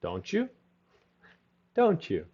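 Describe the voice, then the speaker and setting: A man teaching English in a live class, drilling phrases slowly and repeating them with short Spanish asides. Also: on the high side, wildly swooping pitch, dark tone, husky. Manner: slow, repetitive drilling with brief Spanish asides. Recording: dull lo-fi audio.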